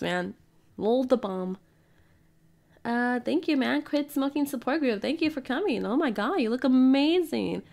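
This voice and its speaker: Female let's-player, bright and high, chatty and giggly, reads game dialogue aloud. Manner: playful, giggly, reads character lines in her own voice. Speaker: gaming streamer. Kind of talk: casual let's-play commentary, reading game dialogue aloud.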